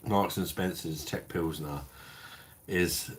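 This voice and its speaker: A middle-aged English man who hosts a beer review channel chats loosely on a live stream, tipsy from drinking, swearing, calling everyone mate and reading out viewer comments in a blokey way. His very low, deep voice keeps a fairly even intonation and an unhurried pace. There's slight background noise.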